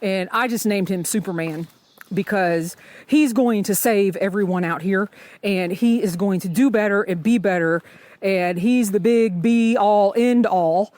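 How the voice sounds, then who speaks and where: A woman's voice: medium pitch, a little slow, darkish tone. A woman talking in a chatty, rambling way with many fillers, vlogging outdoors while section hiking a forest trail. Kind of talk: casual trail vlog.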